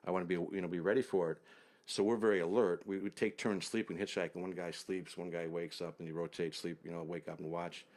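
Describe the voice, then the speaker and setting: A man telling a long travel story as an interview guest, unhurried and detailed, often trailing off low. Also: fairly even intonation, a little mellow.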